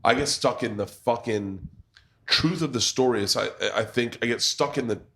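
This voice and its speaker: A man's voice: mid-range voice, moderate pace, a bit bright. A man, hosting a podcast and telling a family story in a loose, laughing way with crude asides, recorded in a pub. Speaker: podcast host. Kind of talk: storytelling in casual chat.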